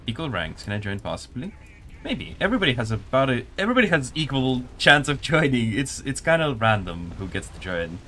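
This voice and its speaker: A man's voice: medium pitch, big pitch swings, fairly quick, bright, forceful tone, a little hiss or hum. A man working as a community manager, casually chatting with viewers and commenting on a match during a live stream. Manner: casual, answers chat while spectating a match.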